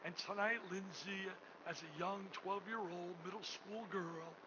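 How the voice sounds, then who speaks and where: An older man with a high voice gives an emotional fundraising speech at a gala. He swings between booming, near-shouted lines and hushed ones. The recording is muffled, with steady room noise behind him. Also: unhurried. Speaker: gala host. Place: hotel ballroom.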